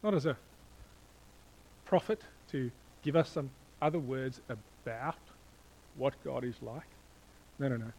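A middle-aged man preaching a sermon, animated and playful, quizzing the congregation and then dropping to a hushed tone for emphasis. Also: mid-range voice, unhurried, pauses often, slight background noise, rough recording. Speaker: pastor.

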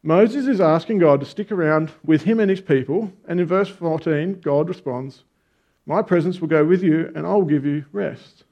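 A man's voice: on the high side, normal speed. A man preaching a conversational sermon, telling stories with emphatic stresses. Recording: dull lo-fi sound.

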